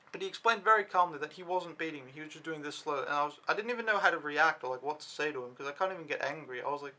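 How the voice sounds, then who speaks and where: A man's voice: a little high, sharp tone. A young man from Denmark, working as an au pair, rambling through a casual vlog recap with lots of fillers and swearing. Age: young adult. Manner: rambling, swears freely, filler-heavy storytelling. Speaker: au pair vlogger.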